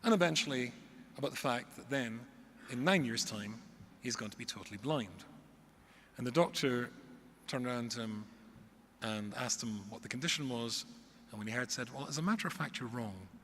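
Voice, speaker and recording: A man's voice: mid-range voice, moderate pace, pauses often, slight background noise. A middle-aged man, a rabbi, telling stories to a live audience with comic exaggeration. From Scotland. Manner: animated storyteller with comic exaggeration. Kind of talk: storytelling talk to a live audience. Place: large hall. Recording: echoey hall with faint ambience.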